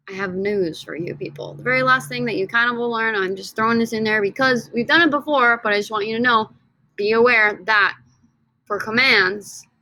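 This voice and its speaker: A bright, clear-toned woman talks students through a recorded lesson in an upbeat, chatty way. She repeats each key phrase several times. The sound is close and dry, with no room echo. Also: medium pitch. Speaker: Spanish teacher.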